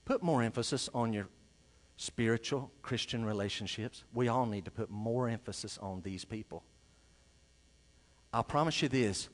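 A male pastor preaching a sermon, swinging between loud emphasis and quiet asides. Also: mid-range voice, normal speed.

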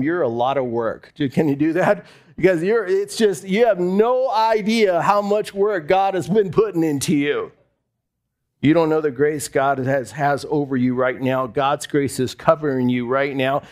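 A man preaching a sermon to a congregation, conversational, repeating phrases and asking the room questions. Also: on the high side. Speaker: pastor. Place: church hall before a congregation.

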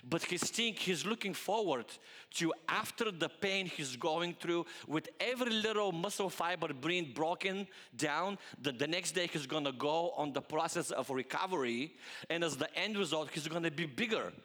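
A male pastor preaching a sermon, animated and full of rhetorical questions aimed at the congregation. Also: on the high side, moderate pace, big-room sound.

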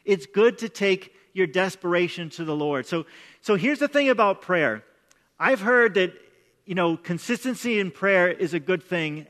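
Bright, high-voiced preacher in a reverberant hall. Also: male voice. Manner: conversational and emphatic, repeats words when starting sentences. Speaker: pastor. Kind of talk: sermon. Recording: long reverb of a large hall.

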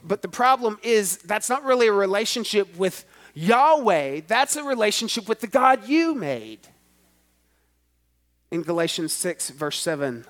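A man's voice: sits high, fairly bright tone. A man preaching a sermon in a church, stretching out key words and swelling with emphasis. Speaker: pastor.

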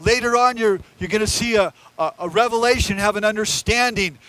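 A man with a very high voice preaches a sermon from the pulpit. He is animated and slips into quoted voices to act out the figures in the story he tells. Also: a little fast, dry recording, poor audio. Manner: animated, acts out Peter's and Jesus's lines in quoted voices. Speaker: pastor.

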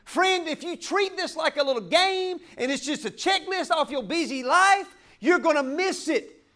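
A pastor with a drawl preaches with fiery passion, his voice pitched unusually high for a man. He swings from loud exclamations to quieter asides, laughing as he drives his points home in a church. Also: lively intonation, normal speed. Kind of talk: sermon.

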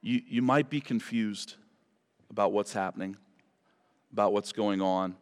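Earnest low-voiced pastor in a reverberant hall. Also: male voice, unhurried. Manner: earnest, pleading, with self-corrections. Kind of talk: sermon closing and prayer. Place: church sanctuary.

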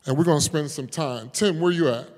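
A man pastor preaching a sermon, swinging from loud, forceful declarations to hushed, prayerful murmurs, and joking and laughing with his congregation. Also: a little high, brisk, long reverb tail. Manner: calls on the congregation, jokes and laughs with them.

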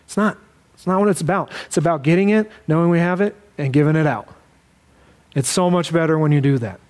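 A young man preaching a sermon, emotional and halting, close to tears as he speaks to his daughter. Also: on the high side, darkish tone. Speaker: pastor.

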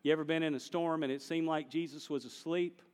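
Animated pastor preaching in a hall. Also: male voice, fairly high pitch, a little fast. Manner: animated, swings between hushed and loud. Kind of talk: sermon.

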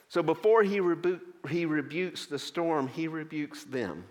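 Guy preaching a sermon, a bit high voice, long church echo, earnest, lots of pauses. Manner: earnest, explaining scripture with many pauses. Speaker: pastor. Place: church sanctuary.

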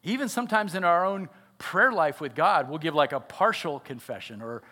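High-voiced man preaching earnestly. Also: expressive, normal speed, pushed and bright. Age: adult father. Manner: earnest, asks the audience questions. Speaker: pastor. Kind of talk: sermon.

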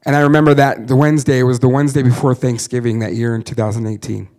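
A man in his thirties tells his story as a missionary, earnest and candid, with quick laughs at his own expense. His voice sits at an ordinary middle pitch for a man. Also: flat delivery, darkish tone. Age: 30s. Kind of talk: personal testimony story.

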